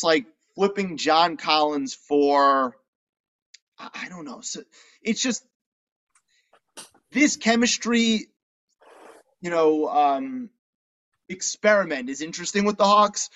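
Lively man arguing sports, lo-fi sound. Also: a little high. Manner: animated, pushes back with rapid questions. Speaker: podcast co-host. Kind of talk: casual sports talk.

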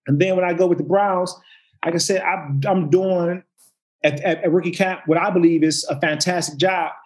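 A man's voice: high voice, normal speed. A man, a former football player, telling stories in casual chat, acting out quotes and restarting his sentences often. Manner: animated, acts out quotes, lots of restarts and swearing. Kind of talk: casual storytelling.

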